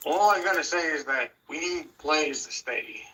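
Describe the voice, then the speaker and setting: Slangy man, bright husky voice, distant. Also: a little high, animated, normal speed. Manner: slangy, laid-back. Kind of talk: casual chat.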